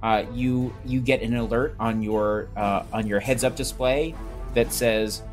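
Game master, man; mid-pitched, slow, halting narration, faint music under. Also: fairly even intonation.

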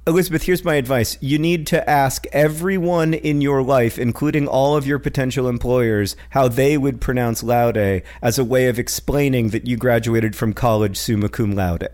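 A man's voice: mid-range voice, fairly even intonation, moderate pace, hardly any pauses, a little mellow. A man co-hosting a podcast who chats casually and reads listener questions, with a wry, self-deprecating, dryly joking manner. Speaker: podcast co-host.

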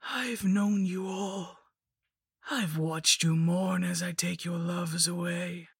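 A woman voicing a rotting, ancient female lich in a whispered role-play, with a slow, mocking, wheezing whisper. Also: lowish voice, fairly even intonation, creaky, breathy edge, no room sound, clean studio sound, full character voice. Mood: menacing. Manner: slow, sing-song and mocking.

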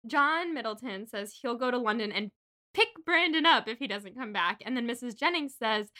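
A young woman co-hosts a relaxed book podcast and recaps the chapters in an animated, gushing rush. Her voice sits fairly high and sounds bright. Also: moderate pace. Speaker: podcast co-host. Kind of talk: casual book-club chat.

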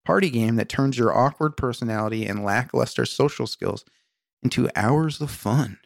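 A man's voice: mid-range voice, moderate pace, creaky, no room sound, studio quality. A man co-hosting a podcast in casual comedic chat, laid-back and laughing often, reading product blurbs aloud. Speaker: podcast co-host.

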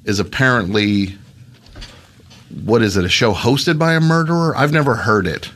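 A man's voice: mid-range voice, normal speed, a bit bright. A man hosting an improvised comedy podcast bit, sarcastic and grumbling.

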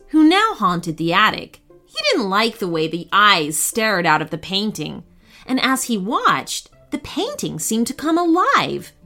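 A woman narrating a children's bedtime story with expressive, animated storytelling. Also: mid-range voice.

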